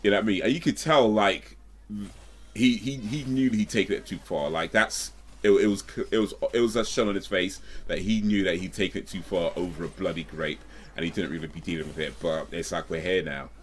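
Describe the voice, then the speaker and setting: A man's voice: sits low, brisk, slight background noise. A man, streaming and casually telling a rambling story, often correcting himself and breaking off with asides. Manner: rambling, self-correcting, with frequent fillers and asides.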